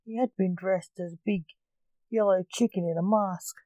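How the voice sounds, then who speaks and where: A woman reading a short story aloud as narrator, at an even, unhurried pace. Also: medium pitch, no echo, muffled recording.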